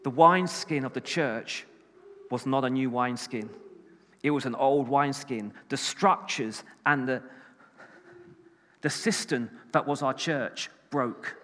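Man, preacher, sermon, bright forceful tone, animated, echoey large hall. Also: a little high. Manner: animated, emphatic, swings between loud and hushed.

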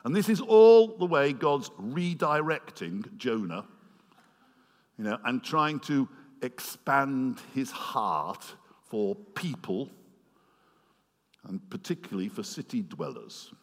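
A man preaching a sermon, retelling a story with animated swings between loud passages and quiet, earnest asides. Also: medium pitch, takes it slowly. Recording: long hall reverb.

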